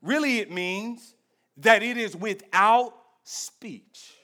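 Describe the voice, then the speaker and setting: A male pastor with a strikingly high voice delivers a conversational sermon to his congregation. He swings between loud, emphatic lines and hushed, intense stretches. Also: slow pace.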